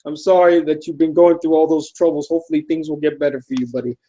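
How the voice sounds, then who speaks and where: A man with a high, light voice reads viewer letters on his vlog. He reacts to each line out loud, swinging between sudden loud outbursts and low, trailing mumbles, with casual swearing mixed in. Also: quick pace, poor audio. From United States. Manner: animated, reacting aloud, swears casually, drifts from loud exclamations to quiet mumbles. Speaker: YouTube host reading fan mail. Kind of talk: casual fan-mail reading vlog.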